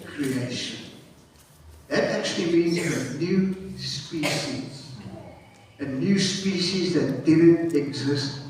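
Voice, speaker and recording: A man preaching a sermon as pastor, calling out to the congregation for responses and swinging between loud, high exclamations and low, quiet passages. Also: takes it slowly. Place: church hall. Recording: echoey hall, voice picked up from a distance.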